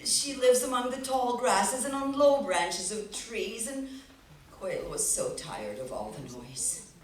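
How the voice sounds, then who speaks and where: Woman storyteller, live audience, expressive and playful, lively pitch, slow pace, echoey hall, distant mic. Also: slight background noise. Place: festival stage before a live audience.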